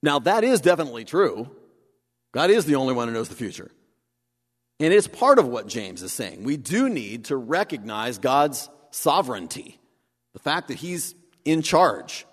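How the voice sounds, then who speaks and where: A man preaching a sermon, animated, acting out the voices he quotes. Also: medium pitch, moderate pace. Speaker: pastor. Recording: long hall reverb.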